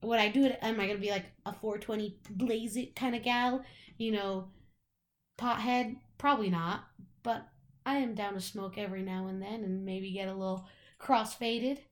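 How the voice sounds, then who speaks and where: A woman's voice: mid-range voice, steady tone, moderate pace. A young woman, co-hosting a podcast, chatting casually and telling a rambling story full of "like" and swearing. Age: young adult. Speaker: podcast co-host. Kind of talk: casual chat.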